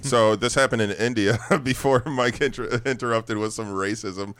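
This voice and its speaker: A man's voice: mid-range voice, fairly even intonation, normal speed, a bit bright, no echo. A man hosting a comedy podcast, rambling through a news story with lots of fillers and laughs. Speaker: podcast host. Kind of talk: casual comedy podcast chat.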